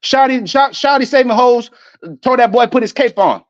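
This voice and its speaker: Man with a high-pitched voice ranting like a street preacher, heated and profane, on a muffled, dry recording. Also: normal speed, dry recording. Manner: angry, profane, preachy, quotes scripture. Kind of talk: ranting religious monologue.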